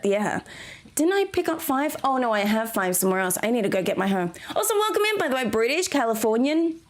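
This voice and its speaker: A woman from Australia streaming a farming game, chatting casually with her viewers and giggling often as she plays. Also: high-pitched. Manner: chatty, giggly, talks to chat while playing. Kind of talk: casual gameplay commentary.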